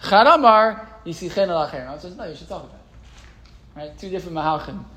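A man's voice: high-pitched, expressive, brisk, fairly bright tone, poor audio. A man giving a live Torah class in a classroom, chatting with the audience, quizzing them and reading old texts aloud before translating them. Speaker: Torah teacher.

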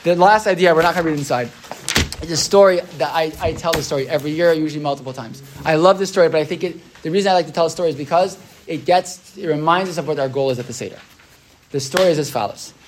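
A man's voice: a little high, quick pace, slight background noise. A man teaching a casual Torah class, chatty and conversational, often tagging "right?" onto his points and acting out the people in his stories. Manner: chatty, keeps asking "right?"; acts out quoted voices in his retelling.

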